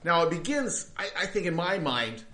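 A man's voice: fairly high pitch, sing-song, moderate pace, pushed and bright, reverberant. A man preaching a sermon to his congregation, talking conversationally with frequent restarts and rhetorical questions. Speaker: pastor.

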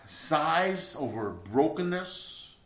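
A fairly high-voiced man preaching earnestly, pushing hard on key words and then dropping to soft, reflective passages. The sound is echoey and dull, like a lo-fi recording in a roomy space. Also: sing-song, very slow. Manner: earnest, swings from loud emphatic bursts to quiet reflective stretches. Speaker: pastor. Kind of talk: sermon.

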